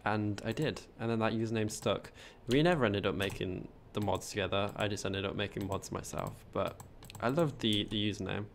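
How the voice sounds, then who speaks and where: A man's voice: fairly low pitch, a little fast, hardly any pauses, a little hiss or hum. A man with a posh English accent, chatting casually on a gameplay livestream, rambling and reading out chat as he builds. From England.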